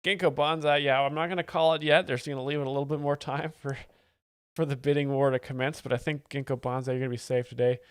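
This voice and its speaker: A man hosting a live stream, giving mock-expert commentary and reading chat in a deadpan, easily distracted way. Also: medium pitch, fast, clear, resonant tone, dry recording, studio quality. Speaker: livestream host. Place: home setup with several screens.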